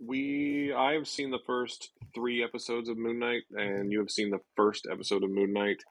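A man co-hosting a podcast in casual chat, speaking hesitantly with many pauses and ums. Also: medium pitch, level tone, no echo. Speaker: podcast co-host.

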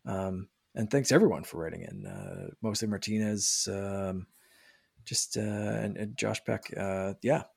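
Casting: male podcast host, gravelly voice, dry close sound, rambling casual delivery. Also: on the low side, expressive, unhurried, darkish tone, dry recording. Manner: rambling, many fillers and restarts. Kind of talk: casual chat.

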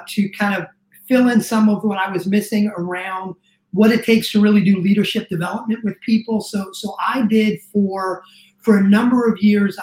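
A man's voice: high voice, darkish tone. Middle-aged male guest, earnest and emotional, roomy echo. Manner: earnest, emotional storytelling, rushed restarts. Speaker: guest, business coach. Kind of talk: casual interview chat.

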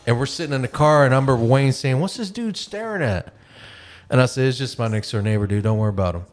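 A man hosting a podcast and telling a long, animated story, swearing freely and acting out the voices of the people in it. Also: mid-range voice, rapid-fire. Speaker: podcast host. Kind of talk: casual storytelling.

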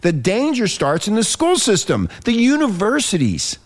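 A man hosting a political talk radio show, emphatic and animated, reading from a text between remarks. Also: moderate pace. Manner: animated, emphatic, swinging from low grumble to high exclaim; reads aloud from a written text between remarks.

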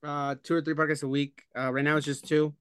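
A man's voice: on the high side, level tone, fast talker, fairly bright tone, clear, resonant tone, dry recording. Young man hosting a dry-sounding podcast. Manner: teasing, loose banter with fillers. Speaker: podcast host. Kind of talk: casual podcast chat.

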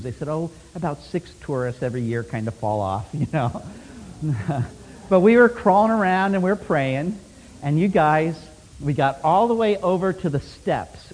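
A man preaching a sermon as a lively story, laughing often and swinging from loud bursts to hushed asides. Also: on the high side. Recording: long hall reverb.

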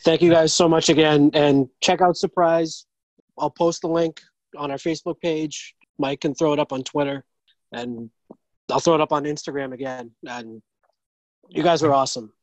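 A man hosting a podcast over a video call, chatty and quick to laugh. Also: on the high side, steady tone, darkish tone, rough recording. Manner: friendly, chatty, often laughing. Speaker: podcast host.

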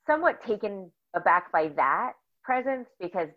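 A middle-aged woman from northern New Jersey, a bubbly, animated guest telling stories in a casual interview. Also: mid-range voice, normal speed. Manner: bubbly, animated storyteller who acts out quotes. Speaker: podcast guest. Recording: slightly dull lo-fi audio.

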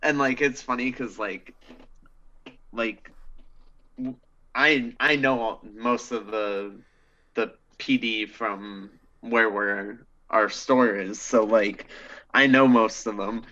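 Bright-toned chatty man, lo-fi. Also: on the low side, fairly even intonation, slow. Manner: chatty, many "like" fillers. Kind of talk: casual podcast chat.

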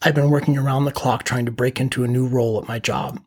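Middle-aged man, husky voice, calm first-person podcast storyteller. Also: mid-range voice, fast. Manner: calm, matter-of-fact present-tense telling.

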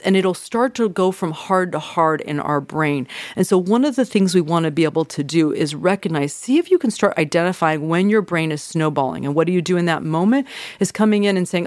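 A woman's voice: lowish voice, lively intonation, a little fast, darkish tone, no room sound. A middle-aged woman therapist hosting a podcast, giving casual, conversational advice with frequent fillers.

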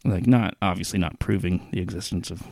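A man co-hosting a podcast, telling stories loosely with a laugh and quick impressions. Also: low-pitched, gravelly, mellow, dry recording, clean studio sound. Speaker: podcast co-host. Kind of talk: casual chat. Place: Toronto area.

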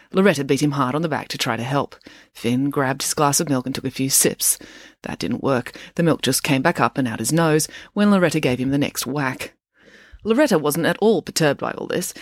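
A woman narrating a children's story with expressive, animated delivery. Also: deep voice, no room sound, clean studio sound. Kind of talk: audiobook narration.

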